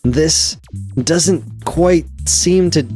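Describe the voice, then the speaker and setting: A man's voice: fairly high pitch, extremely slow, dark tone, soft background music. A man co-hosting a podcast in casual chat, arguing his view while musing and sounding unsure. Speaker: podcast co-host.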